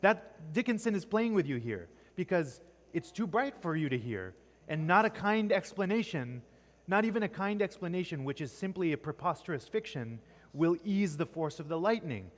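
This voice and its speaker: A man's voice: fairly high pitch, sing-song, normal speed. A man teaching a class on poetry in a church classroom. He keeps quizzing the students and ends nearly every point with "right?". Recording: long echoing reverb.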